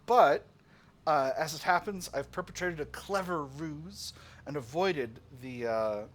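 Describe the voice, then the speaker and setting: A man's voice: on the high side, fairly bright tone, a little hiss or hum. A man hosting a let's play, reading game text aloud and thinking through his choices with hesitant fillers. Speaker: gaming channel host.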